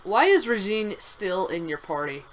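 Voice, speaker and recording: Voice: mid-range voice, big pitch swings, unhurried, low-quality recording. A young adult co-host chatting casually on a game stream, giggly and a bit stumbling. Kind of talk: casual gameplay chat.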